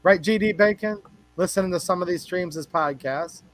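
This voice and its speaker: Soft music plays in the background as a livestream host with a voice that sits high chats at a moderate pace. He rambles, jokes with viewers, and says hello to them by name. The audio quality is poor.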